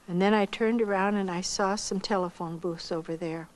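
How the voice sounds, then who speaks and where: An older woman from the United States telling a personal testimony slowly and reflectively, acting out the voices of the people she quotes. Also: medium pitch, steady tone, poor audio. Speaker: missionary giving testimony.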